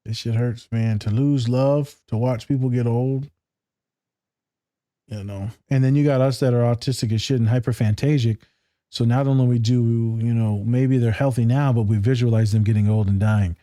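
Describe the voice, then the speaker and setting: A man hosting a casual podcast, from Michigan, telling profane, animated stories and acting out quotes. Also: medium pitch, normal speed, no echo, studio quality. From Michigan, USA. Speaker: podcast host.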